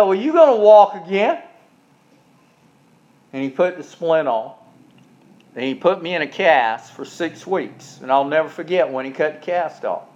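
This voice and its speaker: A man preaching a sermon, moving from folksy childhood storytelling into fervent preaching. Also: mid-range voice. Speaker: pastor. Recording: dull lo-fi sound.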